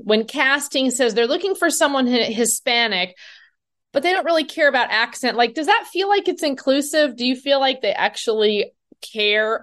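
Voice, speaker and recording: Woman host, fairly high voice, chatty and winding when she asks things. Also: a bit bright. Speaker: panel host. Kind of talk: panel discussion.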